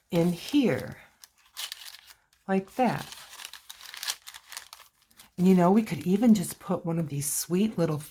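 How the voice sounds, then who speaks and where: A woman's voice: fairly low pitch, darkish tone, a little hiss or hum. A woman hosting a casual crafting video, chatting and talking to herself while she works on a journal.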